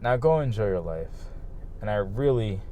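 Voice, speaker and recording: Candid young man rambling outdoors, mellow voice. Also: on the low side, animated, moderate pace, slight background noise. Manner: candid, swears freely, many fillers and repeats. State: hiccuping. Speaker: vlogger. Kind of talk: casual rambling monologue to camera. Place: outdoors, just outside his home.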